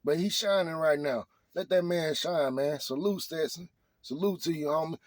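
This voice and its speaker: A man's voice: fairly high pitch, normal speed, no echo. Preachy man firing rhetorical questions. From Arkansas. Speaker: vlogger. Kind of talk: motivational rant to camera.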